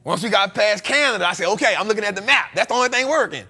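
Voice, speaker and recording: Animated, gravelly-voiced man. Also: sits high, very fast. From United States. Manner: animated, slangy, laughs often. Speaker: show host. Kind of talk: casual storytelling.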